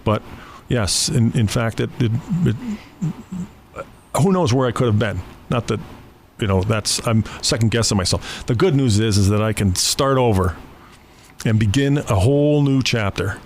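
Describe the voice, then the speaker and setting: A man speaks as a talk-show guest in a gravelly, rough voice. He is reflective and hesitant, circling back over his words before landing each point. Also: on the low side, slight background noise. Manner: halting, restarts phrases often, reflective. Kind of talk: conversational interview.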